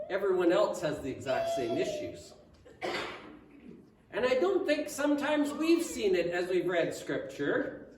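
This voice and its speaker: A man's voice: very high voice, a little mellow, a little hiss or hum. A man preaching a sermon as pastor, telling a story with asides and rhetorical questions to the congregation. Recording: echoey room, mic at a distance.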